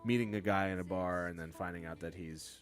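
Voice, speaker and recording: A man's voice: low-pitched, fairly even intonation, a little fast, over music. A man co-hosting a casual album review, laid-back and rambling. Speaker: music review co-host. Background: album playing faintly.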